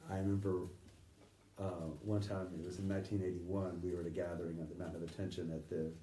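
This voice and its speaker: A middle-aged man recounting memories in a halting, conversational way, often acting out the voices he quotes and sometimes dropping to a near whisper. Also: low-pitched, level tone, dark tone, slight background noise. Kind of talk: conversational anecdote telling. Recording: distant roomy recording with faint ambience.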